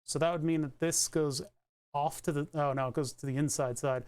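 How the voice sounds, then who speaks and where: Young man streamer, casual rambling repair talk, higher pitch. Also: fairly even intonation, brisk, darkish tone, clean tone. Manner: thinks aloud, rambling, swears casually. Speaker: streamer doing car electronics repair. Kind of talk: casual live-stream commentary.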